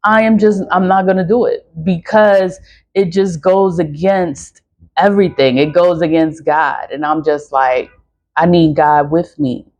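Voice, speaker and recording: Woman vlogger rambling and cussing, laughs a lot, kinda low voice. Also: a little slow. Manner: rambling, animated, profane, laughs often. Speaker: spiritual vlogger selling cleansing products. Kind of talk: casual monologue to camera.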